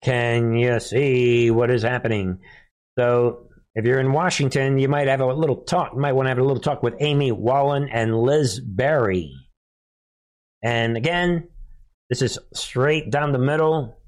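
A man's voice: medium pitch, a little slow. Sarcastic man hosting political commentary. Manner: sarcastic, laughs often, mocking put-on voices.

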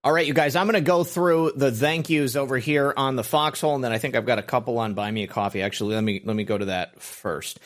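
A man's voice: medium pitch, steady tone, fast, few pauses. A man hosting a live political stream, casually reading out viewer comments with frequent fillers. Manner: rambling, reads names with fillers.

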